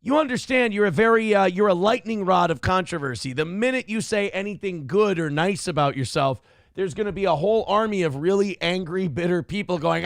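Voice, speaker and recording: High-voiced, profane male show host. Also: lively intonation, a little fast, no room sound, clean studio sound. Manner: profane, rambling, self-deprecating. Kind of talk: live-stream talk show, reading donations.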